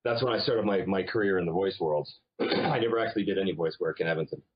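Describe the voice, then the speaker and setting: A man from Canada, a voice actor guest, chatting casually in an interview and telling animated stories. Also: deep voice, quick pace, husky, lo-fi sound. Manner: animated storyteller, slips into accents.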